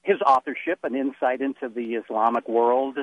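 Calm male caller on a tinny phone line. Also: medium pitch, normal speed, a little hiss or hum. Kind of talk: phone-in call.

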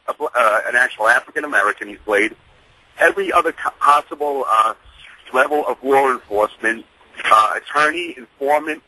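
A man calling in to a radio talk show, halting and full of fillers. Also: medium pitch, pushed and bright, slightly rough, poor audio. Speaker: caller. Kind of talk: phone-in chat.

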